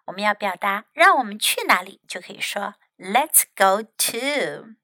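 A woman English teacher reading a children's story aloud and teaching sentences, slow and clear. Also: mid-range voice, animated, sharp tone, no echo, rough recording. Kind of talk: bilingual storybook narration and lesson.

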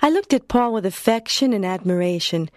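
A woman narrating a story in the first person in a clear, expressive storytelling manner. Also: medium pitch, fairly quick, no echo, clean studio sound. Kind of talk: audiobook narration.

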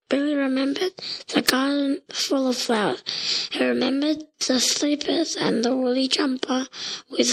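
A woman reading a children's storybook aloud, slow and deliberate, with occasional slips. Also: high-pitched, vocal fry, slightly rough, rough recording.

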